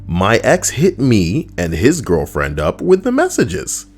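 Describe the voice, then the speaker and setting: A man's voice: on the low side, wildly swooping pitch, slow, husky, faint music behind. A man giving crude, mocking comedic reactions to stories he reads out, ranting as he goes. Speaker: online commentator.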